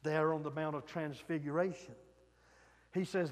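A man preaching a sermon, swinging from loud emphatic peaks to soft hushed lines. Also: a little high, moderate pace, big-room sound.

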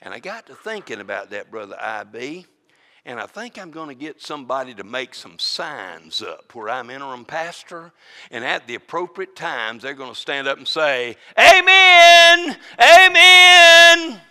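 A man preaching a sermon as interim pastor, swinging from booming declarations to hushed asides. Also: expressive, moderate pace, big-room sound.

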